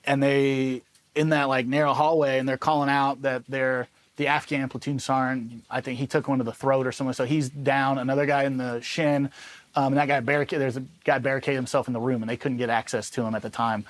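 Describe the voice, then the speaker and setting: A man's voice: mid-range voice, flat delivery, a little fast. Laid-back man telling army stories. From Los Angeles. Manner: loose and conversational, full of "like" and "you know what I mean", laughs often. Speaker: former Army Ranger telling war stories. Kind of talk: casual first-person storytelling.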